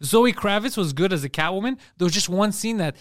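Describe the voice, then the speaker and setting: A man co-hosting a casual podcast chat, telling animated stories, acting out quotes and laughing along. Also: high voice, brisk, a little hiss or hum. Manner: animated storytelling with acted-out quotes; laughs through his stories. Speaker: podcast co-host.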